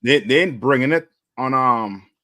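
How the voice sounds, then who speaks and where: A man's voice: medium pitch, moderate pace, bright, forceful tone, dry recording. A man on a talk show panel, speaking emphatically and repeating "you know what I mean" as he makes his points. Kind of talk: casual opinionated chat.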